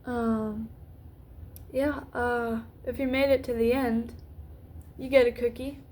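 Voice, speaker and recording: A young woman YouTuber rambling through an unscripted vlog, full of fillers and restarts, her voice going hoarse. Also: fairly high pitch, flat delivery, takes it slowly, a little mellow. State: losing her voice.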